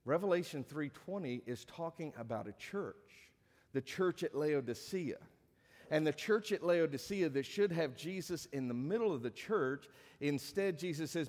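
A man's voice: on the high side, darkish tone, in a large hall. A middle-aged male pastor preaching a conversational sermon to a congregation, with dry joking asides. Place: church sanctuary.

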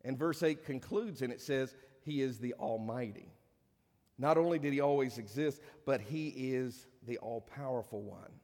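A man pastor delivering a sermon, rising to emphatic peaks and dropping to hushed lines. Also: medium pitch, moderate pace. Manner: preaching with swelling emphasis and hushed drops. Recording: long reverb of a large hall.

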